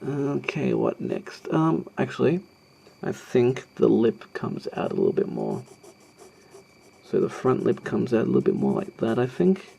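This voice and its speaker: A man's voice: medium pitch, wildly swooping pitch, unhurried, gravelly, dark tone, husky. A man talking through a drawing tutorial as he sketches, hesitant and rambling, with many ums and self-deprecating asides. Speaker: art tutorial host. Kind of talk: narrating a live drawing tutorial.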